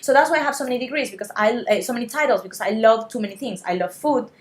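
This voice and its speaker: Woman guest on a podcast, quick pace, higher voice, animated and earnest. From Latin America. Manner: animated, fast-talking, earnest. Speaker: podcast guest, wellness coach. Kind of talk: casual podcast conversation.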